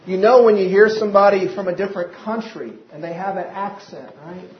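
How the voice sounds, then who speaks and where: High-voiced preacher in a roomy hall. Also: male voice, fairly quick. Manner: preaching with rising emphasis and repeated rhetorical questions. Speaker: pastor. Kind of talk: sermon. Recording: roomy, dull lo-fi church recording.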